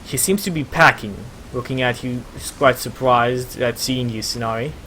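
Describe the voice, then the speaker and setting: Male game master, casual narration, bright voice, middle pitch. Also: a little hiss or hum. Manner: casual, halting narration with fillers.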